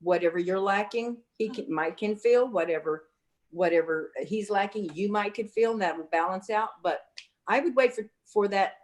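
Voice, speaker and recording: A woman with a drawl who gives psychic readings in a loose, chatty livestream talk. She trails off and restarts as the thoughts come, and she speaks to viewers in a motherly way, calling them honey. Her voice sits at an ordinary middle pitch. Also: moderate pace. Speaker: psychic reader. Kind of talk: casual livestream reading chat.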